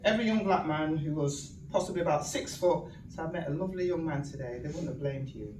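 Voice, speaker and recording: A woman with a Northern English accent telling personal stories as a speaker at an event, animated, laughing often and acting out quoted speech. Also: sits low, fast talker, a crowd in the background. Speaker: guest speaker. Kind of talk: personal storytelling talk at an event. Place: event venue hall. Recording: echoey hall, mic from far off, noisy.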